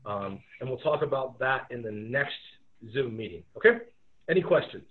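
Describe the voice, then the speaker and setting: A male teacher talks through a remote lesson in a loose, rambling way, pausing for plenty of ums. The sound is thin and phone-like, as if heard over a call. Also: mid-range voice. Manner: relaxed, rambling, many fillers. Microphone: video call. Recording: tinny phone-like audio.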